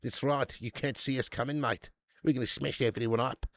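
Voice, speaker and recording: A man's voice: medium pitch, fairly even intonation, brisk, no room sound, clean studio sound, natural voice. A man putting on a brash South African fan. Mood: cocky. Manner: brash, swaggering trash talk.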